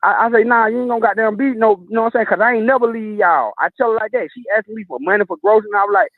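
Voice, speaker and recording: High-voiced, fast-talking caller. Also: male voice, no echo. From Atlanta, USA. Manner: profane, emphatic, blunt. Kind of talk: call-in storytelling. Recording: dull, dry phone-in audio.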